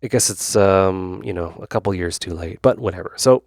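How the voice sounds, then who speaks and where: A man with a low, gravelly voice talks through a synth demo in a relaxed, wandering tutorial style, piling on fillers and asides as he goes. The sound is dry and close, with no room around it. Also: normal speed, no room sound. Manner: rambling, loose, full of fillers and asides. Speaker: YouTube host.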